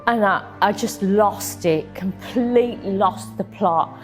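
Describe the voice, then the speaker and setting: A woman tells her own story in an interview, halting and emotional, with frequent ums and repeated words. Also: mid-range voice, soft background music. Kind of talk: personal testimony in an interview.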